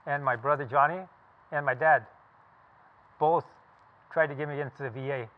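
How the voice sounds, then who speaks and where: His pitch is a little high, his tone steady, his pace moderate. This seventy-something veteran from California shares a casual, emphatic and profanity-laced recollection with a group, bluntly, over sound that comes across tinny like a phone.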